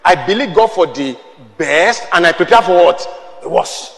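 A man, preaching a sermon with emphatic, shouted peaks and call-and-response with the congregation. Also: high-pitched, animated, moderate pace, in a large hall. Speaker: pastor.

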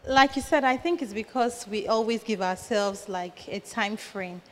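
A woman's voice: medium pitch, normal speed, a bit bright, long reverb tail, slight background noise. A woman in the congregation giving a thoughtful, slightly hesitant answer during a Bible study. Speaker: congregation member.

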